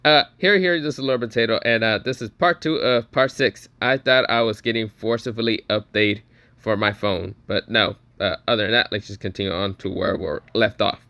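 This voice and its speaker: A man's voice: on the low side, moderate pace, bright, forceful tone, dry recording. A young man hosting a casual, crude, joking fan commentary chat. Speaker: host.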